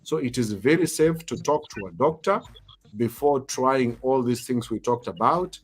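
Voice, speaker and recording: A man's voice: medium pitch, normal speed, slightly rough. A man hosting a live talk show, speaking emphatically, repeating himself and teasing his viewers. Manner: emphatic, repetitive, playfully teasing.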